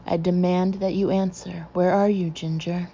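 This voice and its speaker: A woman's voice: fairly low pitch, steady tone, unhurried, dark tone, a little hiss or hum, lightly acted. A woman reading the part of an anxious male hypnotist, shifting between soothing and stern, in a dull lo-fi recording. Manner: soothing then stern and demanding.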